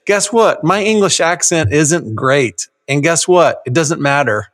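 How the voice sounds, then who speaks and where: A man co-hosting a podcast in relaxed conversation. His voice sits fairly high, and he laughs a lot and trips into restarts as he talks with energy. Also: measured pace. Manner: animated, laughs often, stumbles on restarts. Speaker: podcast co-host. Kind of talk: casual chat.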